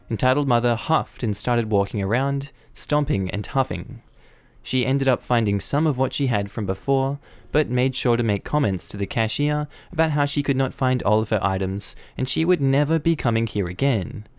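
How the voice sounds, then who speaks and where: A man narrating online stories in a steady, matter-of-fact reading voice. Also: mid-range voice, normal speed, no room sound. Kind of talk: scripted story narration.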